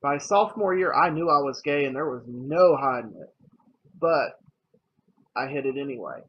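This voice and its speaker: A young man telling a personal story to camera, candid and hesitant, pausing and restarting often. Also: mid-range voice, expressive, husky. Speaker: vlogger. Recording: dull lo-fi with faint noise.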